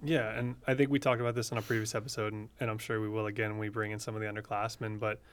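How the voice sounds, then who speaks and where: Flat-voiced young man podcast host. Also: on the low side, rapid-fire, smooth. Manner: relaxed, conversational, gives advice. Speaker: podcast co-host, medical student. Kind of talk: casual podcast chat.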